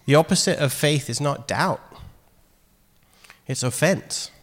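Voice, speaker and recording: A man preaching a sermon in a casual, animated way, acting out quoted lines. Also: fairly high pitch, unhurried. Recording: long hall reverb.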